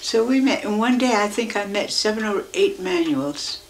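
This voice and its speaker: An older woman recalls her early days in a lively storytelling manner, slipping into the voices of the people she talks about. Her voice sits at a middle pitch, with a faint hiss of noise behind it. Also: moderate pace. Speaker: interviewee. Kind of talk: reminiscing storytelling.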